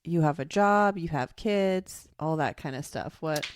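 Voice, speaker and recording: Deep-voiced woman co-host, chatty. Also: unhurried, a little hiss or hum. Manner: laughs often, chimes in with short replies. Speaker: podcast co-host. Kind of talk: casual chat.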